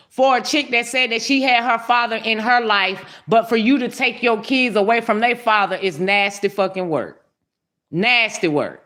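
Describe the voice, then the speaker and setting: A woman's voice: on the high side, fairly bright tone. A woman hosting a casual livestream, greeting viewers by name and giving brash, profane commentary with lots of laughter.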